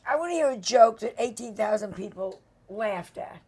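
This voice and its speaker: A woman's voice: medium pitch, expressive, normal speed, warm tone, slightly rough. An older woman hosting a casual talk show, interviewing her guest with brash, teasing jokes. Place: bedroom set.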